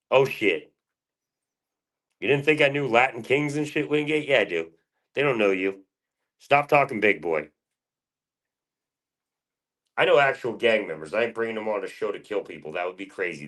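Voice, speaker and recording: Low-voiced man trash-talking on a livestream. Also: a bit bright. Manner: taunting, profane trash talk. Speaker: livestream host. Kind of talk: heated livestream banter.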